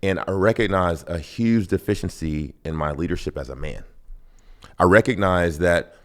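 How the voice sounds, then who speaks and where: A man telling personal stories on a podcast in a lively way, acting out both sides of conversations. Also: deep voice, moderate pace. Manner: animated, acts out both sides of dialogue. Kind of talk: casual storytelling.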